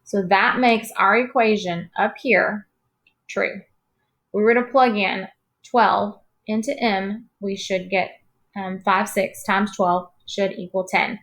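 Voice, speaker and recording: Tired-voiced woman teacher, gravelly. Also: mid-range voice, fairly even intonation, takes it slowly, a bit bright. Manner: patient, reassuring, talks straight to students. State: tired voice, clearing throat. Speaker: math teacher. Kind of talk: recorded classroom lesson.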